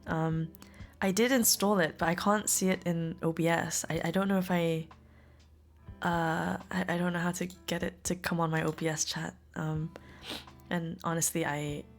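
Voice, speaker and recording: A woman's voice: lowish voice, steady tone, moderate pace, creaky, soft background music. A young woman, a live streamer, chatting casually and giggling often with her chat from home. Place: home room.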